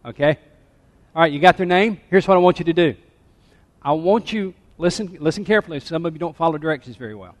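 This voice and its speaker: A man preaching a sermon as pastor, dropping to a hush and then rising to emphatic points. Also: fairly high pitch, lively intonation, fast, in a large hall. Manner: dynamic, drops to a hush then rises to emphatic. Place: church sanctuary.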